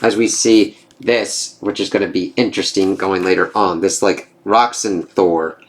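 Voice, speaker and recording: A man's voice: deep voice, fairly even intonation, normal speed, hardly any pauses. A man giving a casual spoken review of a comic book, swearing freely.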